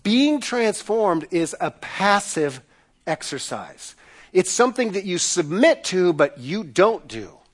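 Emphatic middle-aged male preacher, high lively voice. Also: slow pace. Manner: emphatic, repetitive preaching cadence. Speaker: pastor. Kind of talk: sermon.

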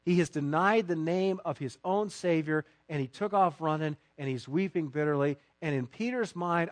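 Dry, high-voiced male preacher. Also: no echo. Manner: emphatic preaching, swinging between loud stresses and quiet asides. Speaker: pastor. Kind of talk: sermon.

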